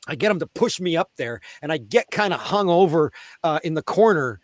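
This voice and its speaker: A man from Canada tells raucous stories from his years as a street performer, jumping into loud put-on voices for hecklers. His voice sits a touch high, and the recording is close and dry. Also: a little fast, no room sound. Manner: animated, shouting out the voices of crowd members. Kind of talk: storytelling in a casual interview.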